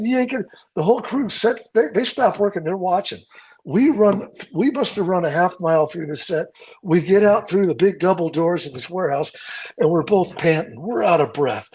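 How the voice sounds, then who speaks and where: A man, a stunt coordinator, telling profane, lively stories from a film set and acting out other people's lines. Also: sits high, slightly rough, low-quality recording.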